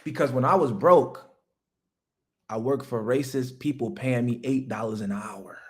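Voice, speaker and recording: A man, hosting a livestream and delivering a loud, preachy motivational rant that jumps high when he hammers a point. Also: measured pace. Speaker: livestream host.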